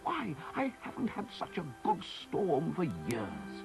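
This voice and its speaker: A man voicing an excitable old man who loves storms, gushing with enthusiasm in a storybook reading. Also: a little high, slow, vocal fry, music in the background, voice pushed up, exaggerated voice. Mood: exuberant. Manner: exuberant, gushing.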